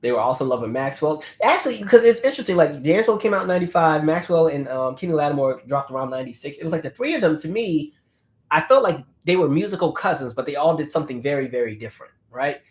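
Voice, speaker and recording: A man in his thirties, slightly hoarse, hosting a casual livestream chat and reading out viewer comments in a conversational way with many fillers. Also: a little high, expressive, fast.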